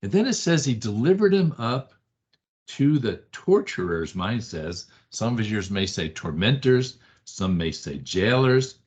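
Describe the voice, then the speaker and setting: A man's voice: fairly low pitch, big pitch swings, unhurried, a little mellow, husky. A man teaching a Bible study class, conversational and emphatic, repeating short phrases and checking in with the class. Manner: conversational, keeps asking the class "right?". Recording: dull lo-fi classroom recording.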